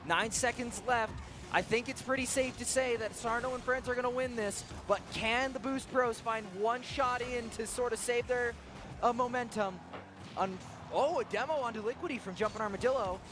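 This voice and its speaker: High-pitched excitable esports caster man. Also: moderate pace, noisy background. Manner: excitable, laughs often, shifts between hype and low chat. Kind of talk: play-by-play commentary.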